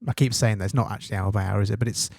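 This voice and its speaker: A man with an English accent, an English teacher talking through a literary text in a relaxed way, thinking aloud with fillers and tag questions. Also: on the low side, very fast, gravelly, dry recording, clean studio sound. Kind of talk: study guide commentary on a text.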